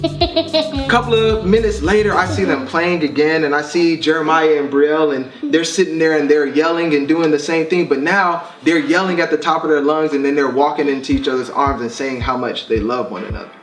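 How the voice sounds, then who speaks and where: A man with a somewhat high voice shares heartfelt reflections as a family vlog host, speaking earnestly and gently with plenty of fillers. He sits a little back from the mic in a roomy, echoing space, and faint music plays underneath. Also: steady tone, a little fast, few pauses, distant mic. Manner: earnest, reflective, soft-spoken with frequent fillers.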